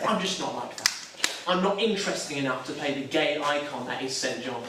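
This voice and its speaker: A man's voice: medium pitch, lively intonation, moderate pace, very noisy, close to an everyday voice. An actor playing a nervous, self-doubting young Catholic man, talking in a hesitant, wry, self-deprecating way in a stage drama. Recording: echoey room, mic far off.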